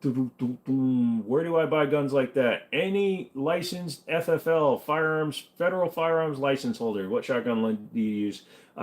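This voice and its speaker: A young man hosting a casual livestream, reading viewer questions and answering them with crude jokes. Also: mid-range voice. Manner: joking, profane, answers chat questions.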